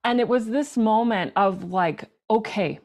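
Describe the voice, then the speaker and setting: A woman flute player, a professional performer and teacher, chatting in an interview, animated and talkative with lots of restarts. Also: mid-range voice, normal speed. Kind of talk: casual interview chat.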